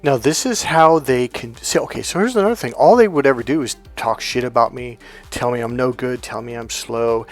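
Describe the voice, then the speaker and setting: A man's voice: medium pitch, fairly quick, faint music behind. A man giving a motivational talk as a relationship and healing coach, speaking emphatically and leaning on stories and rhetorical questions.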